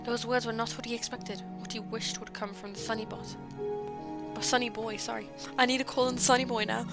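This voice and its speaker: A woman with a somewhat high voice reads her friends' old fan fiction aloud on a livestream. She keeps breaking off to giggle, apologize and comment. Music plays clearly behind her. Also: little pitch movement, brisk. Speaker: streamer. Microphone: streaming mic. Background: music playing.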